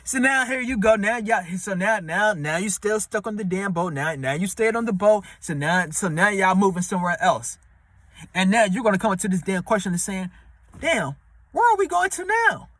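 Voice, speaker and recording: Bright-voiced man giving slangy relationship advice. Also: fairly quick, no echo. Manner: slangy, repetitive, street-talk delivery; acts out quoted voices in a high pitch. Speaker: advice vlogger. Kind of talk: casual advice monologue.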